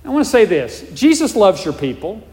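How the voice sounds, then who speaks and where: A male pastor preaches a sermon in a high, sing-song, slightly mellow voice at a fairly quick pace. He's emphatic, repeats his points, and checks in with the congregation by asking "all right?", all under the long reverb of a large hall.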